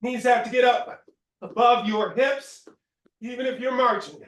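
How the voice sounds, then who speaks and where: A man's voice: extremely high pitch, steady tone, measured pace, fairly bright tone, recorded from a distance. A man leading a workout class as fitness instructor, giving short cues and counting reps aloud, at times out of breath. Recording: roomy echo.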